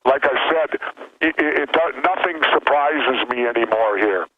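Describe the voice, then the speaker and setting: A man's voice: mid-range voice, a little slow. A man calling into a radio show as a guest, blunt and plainspoken, over a phone line with interference.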